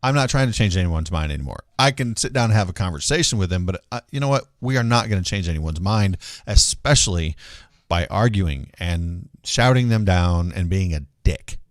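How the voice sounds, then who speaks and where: A man's voice: deep voice, expressive, a little fast, dry recording, studio quality. A man hosting a live talk show, rambling and self-deprecating in casual chat. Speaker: show host.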